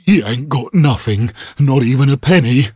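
Man putting on a sneery street thug, kinda high and loud, husky. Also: expressive, normal speed, no echo, clean studio sound. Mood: leering. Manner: sneering, coarse street talk. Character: rat-like male street thug, leering.

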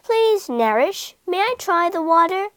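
A woman voicing a tiny, polite, clever male monkey in a storybook reading, speaking slowly in a raised, small voice. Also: extremely high pitch, sing-song, a bit bright, no room sound, studio quality, voice pushed up, heavily acted.

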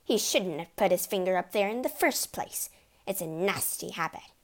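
A bossy middle-aged mother scolds and lectures with a sharp tongue, as a woman acts her out. Her voice is crisp and tart throughout a storybook telling. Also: lowish voice, expressive, normal speed. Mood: scolding.

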